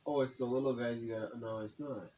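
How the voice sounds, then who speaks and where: Excitable young man co-hosting a game. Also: mid-range voice, a little hiss or hum. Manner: excitable, chatty, quick bursts of excitement. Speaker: let's play co-host. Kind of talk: casual gaming commentary.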